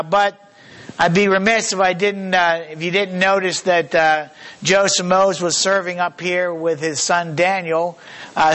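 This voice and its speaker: A pastor preaches a sermon in a fairly high voice for a man. His delivery is halting, full of small fillers and restarts, and he slows to a deliberate pace when reading scripture aloud. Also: a bit bright.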